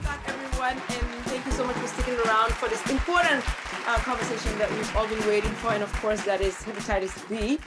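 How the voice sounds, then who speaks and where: Chatty woman host, slightly high voice. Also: steady tone, fast, loud music behind the voice, over a noisy crowd. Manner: chatty storytelling, laughs often. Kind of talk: casual chat.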